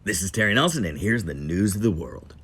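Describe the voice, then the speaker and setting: A man imitating a young man who mimics a formal radio newscaster, speaking deep from the throat. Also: very animated, a little fast, fairly bright tone, slightly rough, heavily acted. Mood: announcing.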